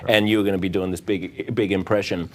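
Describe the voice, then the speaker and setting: A talk show host with a fairly low male voice, easygoing and conversational. He keeps prompting his guest with questions. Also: little pitch movement, quick pace, a crowd in the background. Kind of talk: interview.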